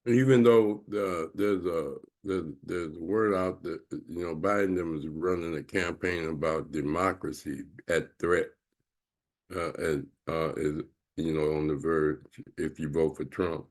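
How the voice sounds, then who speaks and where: A man hosting an online panel discussion, speaking haltingly and prodding guests with questions. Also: a bass voice, steady tone. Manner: halting, restarts often, prods guests with questions. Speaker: host.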